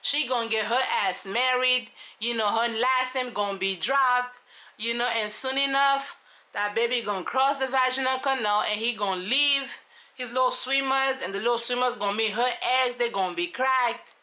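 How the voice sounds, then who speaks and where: A woman giving sassy, animated commentary on a reality show, talking straight to her viewers. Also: a little high, normal speed. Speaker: show reviewer.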